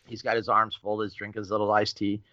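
A middle-aged man telling a racing story with lively energy, acting out quoted voices and swearing casually as a podcast guest. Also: on the low side, fast talker, no echo, lo-fi sound. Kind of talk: animated storytelling.

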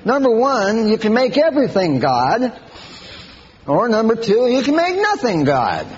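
A man preaches with a high, lively voice that swings up and down. He is animated and mocking at times. The recording sounds a little dull and lo-fi, with faint hiss behind him. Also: a little slow. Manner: animated, mocking impressions with sudden high-pitched outbursts. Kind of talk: sermon.

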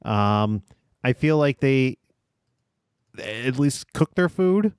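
A man's voice: mid-range voice, animated, slow, a little mellow, smooth, no room sound, studio quality. A man hosting a casual podcast, reading out facts with hesitant ums and uhs. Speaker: podcast host.

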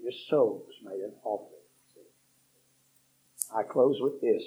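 A man preaching a fiery revival sermon, telling a story that builds from low, quick talk to shouted repetition. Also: slightly rough. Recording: dull lo-fi sermon recording.

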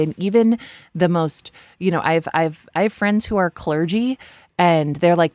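A woman's voice: on the low side, unhurried, no echo. A woman in her forties speaking as a guest, talking candidly with frequent fillers, restarts and blunt profanity. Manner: frank, profane, self-deprecating, many fillers and restarts. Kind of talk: candid conversational storytelling.

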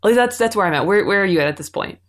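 A woman co-hosting a podcast in casual chat, recapping what she watched. She talks in an animated way and often exclaims. Her voice sits at an ordinary middle pitch. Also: very fast. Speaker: podcast co-host.

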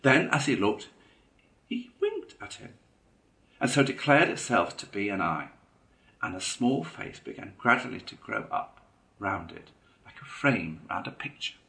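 A man reading a classic children's story aloud in a measured, expressive way. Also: on the low side, creaky. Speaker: narrator.

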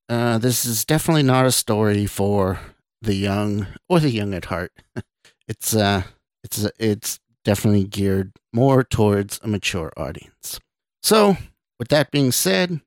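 A man, the podcast host, reading a horror story he wrote, in a measured, deliberate narration. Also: fairly low pitch, dry recording, studio quality.

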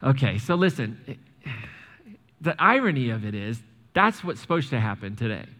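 A man preaching to his congregation as pastor, animated, stumbling over and restarting words, speaking straight to the people in the pews. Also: mid-range voice, moderate pace, in a large hall. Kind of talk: sermon with church announcements. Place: church sanctuary.

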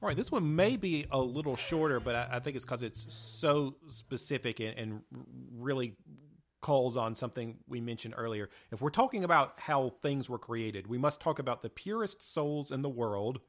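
A man's voice: mid-range voice, expressive, moderate pace. A man co-hosting a casual podcast, talking enthusiastically and rambling with fillers. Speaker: podcast co-host. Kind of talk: casual chat.

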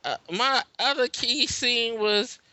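A man's voice: very high-pitched, slow pace, sharp tone, dry recording. A man co-hosting a casual movie podcast, laid-back, with short replies and casual grammar. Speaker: podcast co-host. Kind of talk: casual movie review chat. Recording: dry, dull lo-fi sound.

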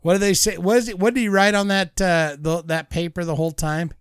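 Man, podcast co-host, rambling jokey banter, rather high voice, dry close sound. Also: steady tone, a little fast, clear, resonant tone, no echo. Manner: joking, rambling, puts on mock accents.

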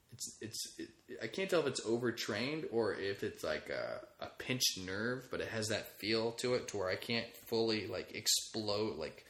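A man's voice: lowish voice, pushed and bright. A man in his thirties hosting a casual solo podcast, rambling and crude with frequent swearing and jokes. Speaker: podcast host. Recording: echoey room.

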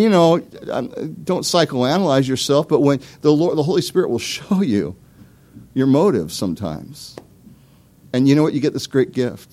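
Asides, little laughs and direct questions to the congregation mark this pastor's conversational sermon. His voice is darkish in tone and mid-range in pitch.

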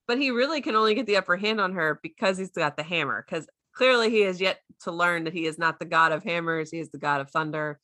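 A woman's voice: on the low side, fast, hardly any pauses, sharp tone, no room sound, clean studio sound. A woman in her thirties, co-hosting a casual recap chat, chatty and laughing often as she quotes characters in silly voices. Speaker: podcast co-host recapping a show.

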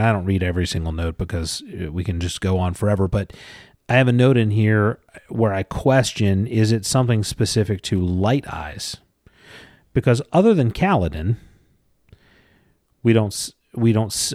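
Easygoing low-voiced man, book podcast. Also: darkish tone, no echo, studio quality. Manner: easygoing, agreeable, frequent "yeah". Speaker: podcast co-host. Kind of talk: casual book discussion.

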